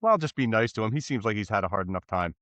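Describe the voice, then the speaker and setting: Lively, animated podcast co-host. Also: male voice, lowish voice, racing, no echo. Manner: animated, laughs often, acts out quotes. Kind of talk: casual chat.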